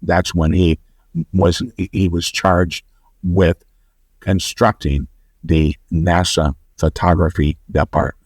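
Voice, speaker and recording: Podcast guest, male, low-pitched, rambling storyteller, dry close sound. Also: slow, dry recording. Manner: rambling, animated when quoting others. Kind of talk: conversational storytelling.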